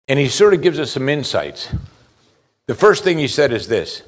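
A man's voice: medium pitch, big pitch swings, normal speed. A man preaching a sermon, talking in a conversational way, asking the listeners direct questions and often repeating a word as he starts a thought. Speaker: pastor.

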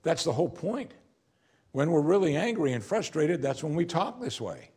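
Male pastor, husky voice, animated pitch, sermon delivery with direct questions to the congregation. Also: moderate pace. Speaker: preacher.

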